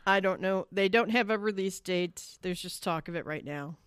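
A woman's voice: medium pitch, normal speed, smooth, no room sound. A woman co-hosting a casual review podcast, giving blunt opinions with dry, shrugging asides. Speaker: podcast co-host. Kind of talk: casual chat.

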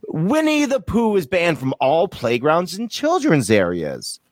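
A man hosting a casual quiz among friends, reading out odd facts between jokes and swearing. His voice swings widely in pitch. It sounds dry and close to the mic. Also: huge pitch swings, a little slow, dry recording. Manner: joking, laughing, swearing. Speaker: quiz host. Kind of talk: casual group quiz chat.

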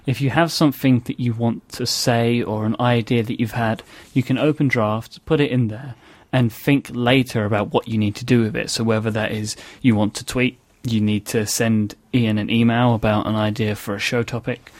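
A man co-hosting a podcast, chatting casually and explaining things at a steady pace. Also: medium pitch, moderate pace, few pauses, no echo. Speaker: podcast co-host.

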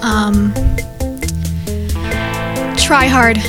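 A man's voice: high-pitched, fairly even intonation, extremely slow, loud music behind the voice, pitched above the performer's own voice. A man putting on a blunt, unimpressed young woman. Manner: blunt, dismissive verdicts.

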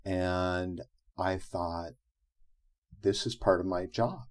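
Speaking slowly in a low register, a middle-aged interview guest recounts something from his own life. He stays animated throughout, performing the quoted lines of the story as he converses.

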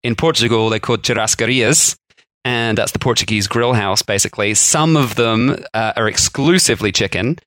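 A man's voice: on the low side, moderate pace, a bit bright, no room sound. A man co-hosting a podcast in casual chat, rambling and laughing often. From England. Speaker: podcast co-host.

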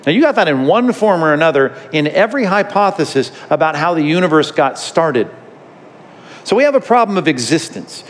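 Male pastor, slightly higher voice, emphatic conversational teaching, long reverb. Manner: conversational, emphatic, repeats words while building a point. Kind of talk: sermon-style podcast teaching.

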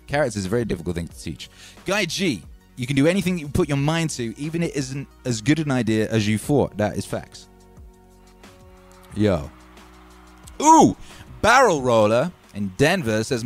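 A man, chatting loosely as a livestream DJ host and reading out viewer messages. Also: mid-range voice. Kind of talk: casual livestream chat. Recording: music playing faintly behind.

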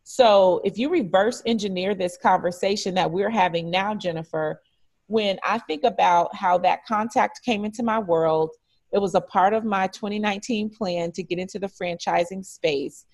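Woman from detroit telling a story in an interview, acts out all the voices, animated, mid pitch. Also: moderate pace. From Detroit, United States. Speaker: franchise regional director, interview guest. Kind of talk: conversational storytelling.

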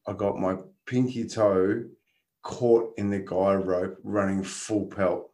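A man's voice: lowish voice, takes it slowly. A man, a guest casually telling a story and laughing through it. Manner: animated, laughs through his stories.

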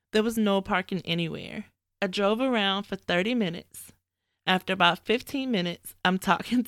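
Woman podcast host chatting about faith, kinda low voice, super dry close mic, candid and animated storytelling. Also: no echo. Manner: candid, animated retelling with quoted asides. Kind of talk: casual faith talk, storytelling.

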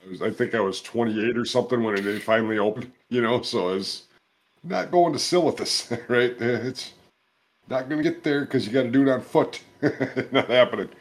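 Laid-back male podcast host. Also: mid-range voice. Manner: laid-back, laughs often, quick agreements. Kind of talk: casual chat.

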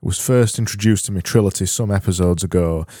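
A man hosts a solo comedy podcast in a low, mellow voice, rambling in a deadpan way and tripping over his own restarts. The sound is close and dry with no room in it. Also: fast talker, dry recording. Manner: rambling, self-interrupting, deadpan. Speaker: podcast host.

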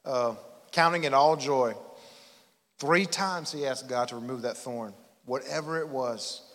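The recording, drenched in long church hall reverb, captures a pastor in his 40s whose sermon unfolds through folksy, self-deprecating stories, delivered in a slightly bright, medium-pitched voice.

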